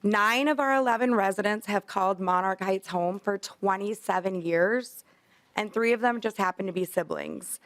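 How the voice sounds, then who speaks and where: A woman's voice: mid-range voice, normal speed, a bit bright. A woman, a facility administrator, gives earnest, apologetic testimony to a legislative committee.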